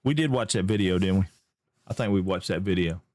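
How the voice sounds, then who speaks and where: A man from Georgia with a Southern American accent, hosting a live game stream in casual, upbeat chat and greeting viewers excitedly. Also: low voice, brisk, no echo, clean studio sound. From Georgia, USA.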